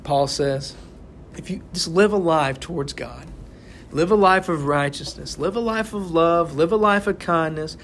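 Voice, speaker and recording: A young man leads a casual Bible study, preaching informally and conversationally to a small group while repeatedly asking "right?". His slightly high, fairly bright voice has lively intonation, vocal fry and normal speed. A little hiss or hum runs underneath.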